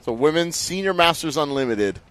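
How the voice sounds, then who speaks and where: A man's voice: a little high, animated, a little fast, fairly bright tone. A man co-hosting live race commentary in a casual, upbeat way. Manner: upbeat, easygoing, says "stoked". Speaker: race broadcast co-host. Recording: faint outdoor background noise.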